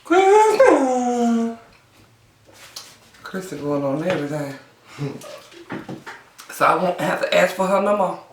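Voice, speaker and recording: A woman's voice: mid-range voice, sing-song, slow, pauses often. A woman hosting a mukbang eating vlog from home, exuberant, breaking into song and cheers, then murmuring over her food. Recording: echoey room, mic at a distance, faint hiss.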